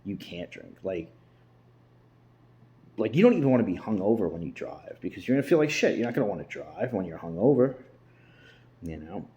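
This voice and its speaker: A man's voice: lowish voice, big pitch swings, a little fast, pauses often, mellow, dull audio. A man vlogging in a casual, rambling way from an emptied-out house, swearing freely and restarting his sentences. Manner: profane, loose, rambling with restarts.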